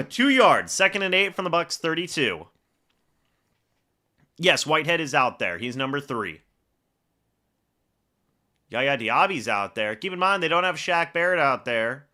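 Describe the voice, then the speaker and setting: A man's voice: on the high side, very animated, measured pace, long pauses, pushed and bright. A man hosting a live fan reaction stream, calling each play like a broadcaster and chatting to viewers between snaps. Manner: calls plays like a broadcaster, then chats with viewers.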